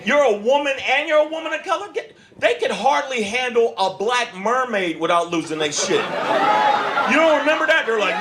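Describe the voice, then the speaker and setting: A man's voice: very high-pitched, expressive, moderate pace, very noisy. A man doing a stand-up comedy set on a club stage, brash and profane, slipping into mocking voices. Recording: live club with loud crowd laughter.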